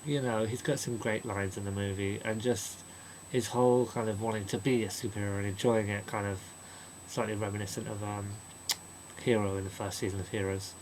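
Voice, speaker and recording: A man giving a casual spoken film review, rambling and chatty, slipping into quick mocking impressions of characters. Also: on the low side, steady tone, a little mellow, a little hiss or hum, low-quality recording. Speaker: movie reviewer.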